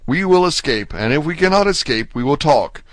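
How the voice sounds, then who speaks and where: A man's voice: fairly high pitch, lively intonation, moderate pace, a bit bright, no room sound, pitched above the performer's own voice. A man voicing a young male prisoner in his twenties, pleading urgently in an audiobook reading. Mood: eager. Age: 20s.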